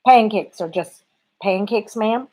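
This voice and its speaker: A man's voice: high voice, slow, dark tone, rough recording. A woman voicing a friendly, wiry Cajun man on a bus who talks politely and keeps saying ma'am. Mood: earnest.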